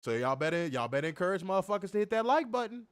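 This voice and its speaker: A young man co-hosting a wrestling review livestream, reading chat comments and trash-talking in a profane, animated way. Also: sits high, rapid-fire, no echo, clean studio sound. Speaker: wrestling podcast co-host.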